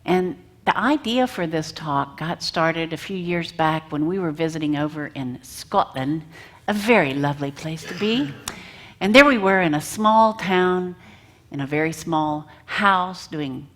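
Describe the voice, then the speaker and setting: A woman giving a church talk, telling a travel story in an unhurried way. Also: low-pitched, expressive, fairly bright tone. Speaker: guest speaker and musician.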